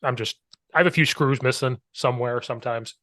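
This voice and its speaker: A man's voice: medium pitch, brisk, fairly bright tone, dry recording. Jokey man with a dry close sound. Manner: jokey, laughs a lot, acts out outlandish quotes. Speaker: podcast host and football line coach. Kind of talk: casual podcast chat.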